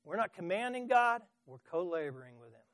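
High-voiced emphatic male preacher. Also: sing-song, a little fast, no room sound. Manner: emphatic, storytelling, with stumbling restarts. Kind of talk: sermon.

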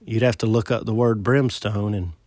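A man preaching a sermon in an earnest voice, asking rhetorical questions and swelling louder before dropping low. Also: steady tone, moderate pace, dry recording, studio quality.

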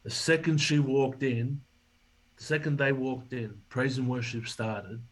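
A man's voice: medium pitch, fairly even intonation, measured pace, poor audio. A man, a guest in an interview, telling a story and acting out the dialogue he quotes. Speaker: podcast guest, former rugby league player.

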